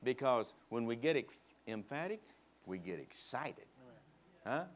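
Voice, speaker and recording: A man preaching a sermon in a church, emphatic, leading the congregation in call-and-response and prodding them with quick asides. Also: medium pitch, expressive. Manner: emphatic, prods the crowd with "huh?". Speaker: guest preacher. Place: church sanctuary.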